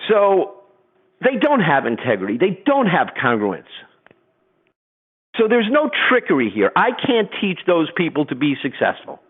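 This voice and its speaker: A middle-aged man giving a webinar presentation, telling stories in an animated way and acting out voices. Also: on the high side, a little slow, slightly rough. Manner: animated storyteller, acts out voices. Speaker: program presenter. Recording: phone-like webinar audio.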